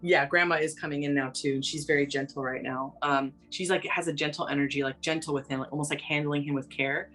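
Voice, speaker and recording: A woman working as a psychic medium, talking in a gentle, meandering way full of fillers, with soft music behind her. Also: deep voice, fairly even intonation, fast, few pauses. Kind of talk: casual spoken reading.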